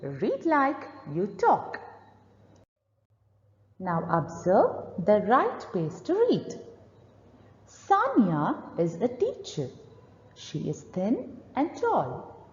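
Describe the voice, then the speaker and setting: Woman teacher, reading lesson, slow, very lively pitch, echoey lo-fi room. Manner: deliberate, expressive demonstration reading. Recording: echoey, reverberant, lo-fi room recording.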